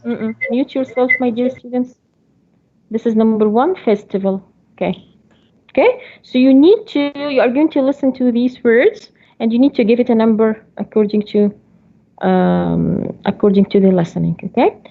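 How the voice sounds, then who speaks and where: A woman's voice: on the high side, moderate pace, gravelly. A woman with a Saudi Arabic accent teaching an English class over a video call, patiently explaining step by step and often saying okay. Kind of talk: online class lecture. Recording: muffled online-call audio.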